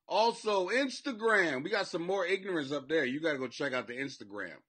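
A man's voice: on the high side, fairly quick, fairly bright tone, husky. A man hosting a comedy podcast from his basement, rambling and swearing and laughing at his own jokes. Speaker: podcast host and comic. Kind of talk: loose profane comedy monologue. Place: home basement.

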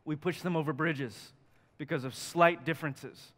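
A man's voice: a little high, moderate pace, fairly bright tone. A male pastor preaching a sermon in a conversational, joking and emphatic way, in a church hall. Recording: long hall reverb.

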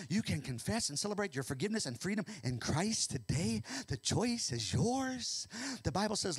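A male pastor from the American Midwest preaching a sermon, swinging from hushed storytelling to shouting. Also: sits high, husky.

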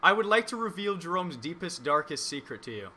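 A man's voice: fairly high pitch, big pitch swings, fairly quick, a loud crowd. A young man co-hosting a casual podcast, mocking his friends and laughing a lot. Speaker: podcast co-host. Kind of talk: casual teasing banter.

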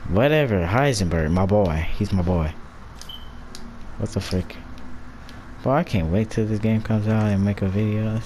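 A man giving casual, slangy commentary over a horror game, taunting enemies and shouting loud excited reactions. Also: on the low side, moderate pace, pauses often, a little hiss or hum. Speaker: gaming channel host.

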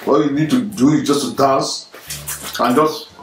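A man's voice: mid-range voice, normal speed, echoey room, slight background noise, rough recording. A man talking casually with his wife in a couple vlog, pleading with her and growing upset and indignant. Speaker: vlogger, husband.

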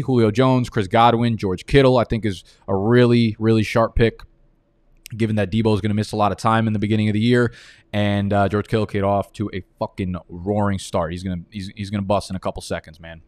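A man's voice: lowish voice, dry recording. A man hosting a live fantasy football draft, talking in a casual, rambling way and swearing freely. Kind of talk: live-streamed draft commentary.

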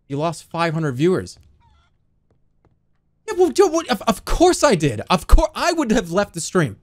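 A man's voice: high-pitched, huge pitch swings, measured pace, long pauses. A man livestreaming who chats casually and sarcastically, talking straight to his viewers. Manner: sarcastic, joking, talks straight to the chat.

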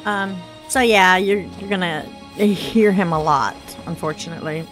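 A woman in her thirties with a Southern US accent, chatting casually through gameplay, her voice rough from congested sinuses. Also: lowish voice, normal speed, fairly bright tone, faint music behind. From Southern United States. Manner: chatty, rambling, self-deprecating with fillers. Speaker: gaming channel host.

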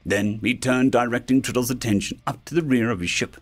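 A man narrating a science-fiction story in an expressive storytelling manner. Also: medium pitch, a little fast, soft background music. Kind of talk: scripted sci-fi story narration.

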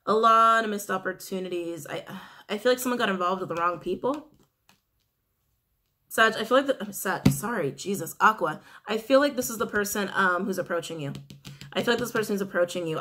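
A woman's voice: medium pitch, fairly bright tone. A woman giving a casual tarot reading, musing aloud and repeating her phrases. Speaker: tarot reader.

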